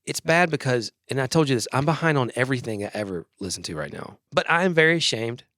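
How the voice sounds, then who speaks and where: A Southern US man talks as a podcast guest at a middle pitch. He rambles and pokes fun at himself in relaxed chat. The sound is dry and close. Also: fast talker, no echo. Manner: self-deprecating, rambling.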